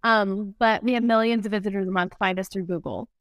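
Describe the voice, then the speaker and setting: A woman's voice: medium pitch, steady tone, fairly quick, dry recording. A woman founder of a barbecue brand, chatting casually in an interview and laughing often.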